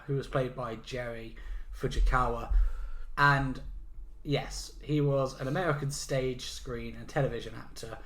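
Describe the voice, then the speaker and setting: A man's voice: medium pitch, low-quality recording. Jokey man co-hosting. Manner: jokey, swears casually. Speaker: podcast co-host. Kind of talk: casual chat.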